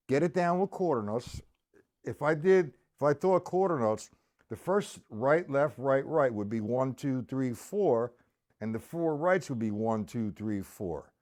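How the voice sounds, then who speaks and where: A man's voice: mid-range voice, sing-song, a little slow, darkish tone. A middle-aged man teaching a live-streamed drum lesson, patiently explaining and counting aloud as he plays.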